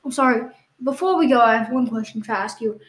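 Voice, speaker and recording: A woman's voice: a little high, quick pace. A woman co-hosting a comedy podcast, hesitantly and earnestly defending absurd claims. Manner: hesitant, insisting on absurd claims with a straight face. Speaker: podcast co-host. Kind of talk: improvised comedy banter. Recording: echoey room.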